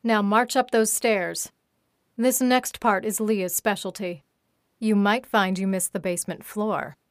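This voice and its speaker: A scornful young woman who holds a captive, mocking and commanding him in sharp bursts, as a woman reads her lines. The delivery is a touch louder than the plain narration. The sound is dry and close, with no room around it. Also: medium pitch, steady tone, unhurried, dry recording, natural voice. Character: scornful young woman electrician, domineering captor.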